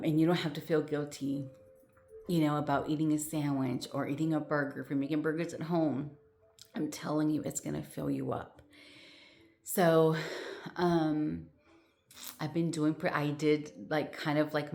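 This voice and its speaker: A woman's voice: low voice, little pitch movement, normal speed, vocal fry, darkish tone. A woman chatting casually to her viewers, rambling with lots of fillers and restarts, sounding short of breath. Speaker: vlogger. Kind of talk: casual chat to camera.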